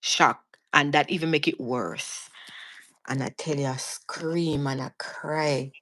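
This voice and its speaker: A woman's voice: deep voice, fairly even intonation, slow pace, a bit bright. A woman with a Jamaican accent, a guest telling her own story in casual talk, earnest and vivid, often restarting and repeating words. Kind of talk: casual storytelling on a live stream.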